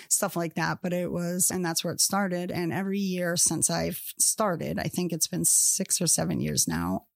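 A woman with a fairly low voice talks casually as a podcast guest. She rambles along, full of fillers and quick restarts. Her voice sounds dry and close, with no room echo.

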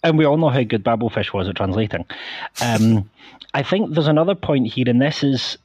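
A man's voice: medium pitch, expressive, moderate pace, darkish tone, husky, no echo, highs cut off. A man co-hosting a podcast, talking through an argument in an earnest way. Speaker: podcast co-host. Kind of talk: casual discussion.

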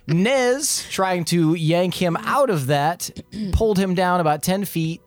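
A man's voice: sits high, takes it slowly, no room sound, faint music behind. A man narrating a recap as game master of a tabletop game, laughing now and then. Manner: laughs through his narration.

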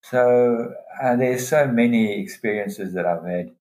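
A man telling a long diving story in a casual interview, lively and excited when he quotes others. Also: unhurried. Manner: animated, pitch jumps when quoting others. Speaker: dive guide telling a story. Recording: roomy echo.

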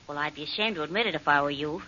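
Brief: a witty, teasing girlfriend, bright voice, old radio sound. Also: deep voice, very fast. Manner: tart and teasing. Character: teasing, tart young woman, the hero's girlfriend. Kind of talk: 1940s radio acting. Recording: dull old radio recording.

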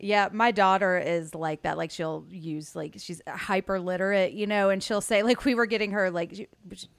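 A woman in her thirties co-hosting a podcast, recapping a TV show in casual, animated chat. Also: medium pitch, normal speed, vocal fry, no room sound. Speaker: podcast co-host.

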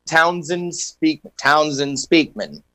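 A man's voice: fairly high pitch, fairly even intonation, slow pace, a bit bright. A man hosting a casual comedy radio show, reading history items and joking over a video call. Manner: jokey, reads history items with asides.

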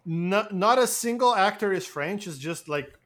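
Excitable high-voiced man, lively and bright. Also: normal speed, heavy background noise. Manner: giggly, excitable, jumps in with jokes. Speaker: podcast co-host. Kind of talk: casual chat.

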